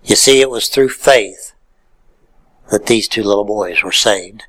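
A male pastor preaching a sermon in a folksy way, swinging from loud calls to near-whispered lines. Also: fairly low pitch, unhurried, low-quality recording.

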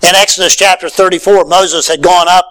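A man preaching a sermon, swinging between loud emphatic lines and hushed low ones. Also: steady tone, fairly quick, poor audio.

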